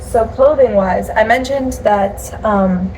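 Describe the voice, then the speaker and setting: Girl vlogging her day, kinda high voice, rambly and giggly, light background hum. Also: slow, a little mellow. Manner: chatty, rambling, laughs often. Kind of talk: casual vlog chat.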